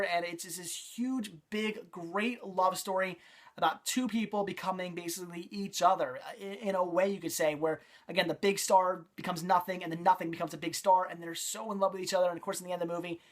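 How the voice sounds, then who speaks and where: A man's voice: high voice, steady tone, fast. A man giving a casual, enthusiastic movie review, talking off the cuff with frequent restarts and repeated praise.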